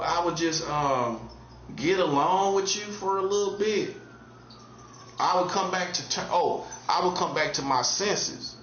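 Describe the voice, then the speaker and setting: A taunting preacher man, his voice sitting a bit high for a man. He repeats his lines over and over, jumping from mocking squeaks to low, grave mutters. The recording is dull and echoey, with faint ambience behind him. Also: fairly bright tone, a little hiss or hum. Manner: taunting, repetitive, swings from mocking highs to low earnest tones. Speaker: street preacher. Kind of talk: provocative monologue.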